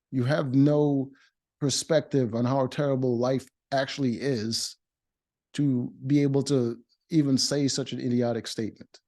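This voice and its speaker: Man, mellow tone, casual show recap, blunt opinions, lots of uhs and restarts. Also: mid-range voice. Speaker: reality show reviewer.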